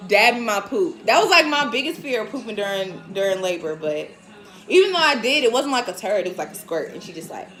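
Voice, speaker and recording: A woman in her twenties casually telling viewers a story, frank and animated, often laughing and acting out what other people said. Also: medium pitch, fairly quick, faint music behind. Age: 20s. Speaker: vlogger and new mother.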